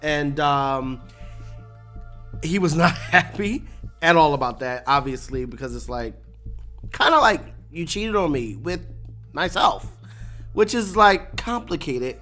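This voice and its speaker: A host giving a casual, animated breakdown of a TV episode, laughing often and acting out lines. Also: medium pitch, slow, long pauses, soft background music. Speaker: show recap host.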